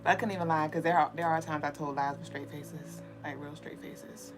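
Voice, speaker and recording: A woman's voice: deep voice, fairly even intonation, brisk, music in the background. A woman co-hosting a spirituality show, speaking in a playful, teasing way. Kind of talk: casual spiritual talk.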